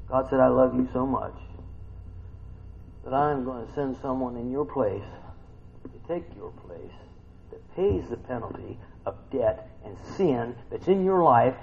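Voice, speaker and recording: A man preaching a sermon who swings from hushed, intimate lines to sudden excited outbursts. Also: medium pitch, creaky, lo-fi sound, a little hiss or hum. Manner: swings from hushed to shouting bursts.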